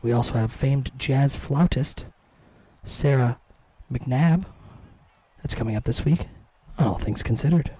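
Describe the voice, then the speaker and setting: A man putting on the slow, calm voice of a soft-spoken male public radio host. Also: mid-range voice, breathy edge, no room sound, pitched below the performer's own voice, rough recording. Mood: mock-soothing. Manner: slow, measured, hushed delivery.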